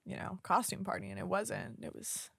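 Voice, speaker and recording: A young woman from Oklahoma co-hosting a podcast, telling a story in casual chat. She is an animated storyteller who swears casually. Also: mid-range voice, moderate pace, vocal fry, husky, no echo, studio quality. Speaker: podcast co-host.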